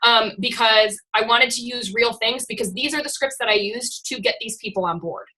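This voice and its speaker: A woman with a bright, forceful voice pitched a little high leads her team through a call. She is blunt and chatty, with some casual swearing. The sound comes through a video call. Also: normal speed, rough recording. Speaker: fitness team coach.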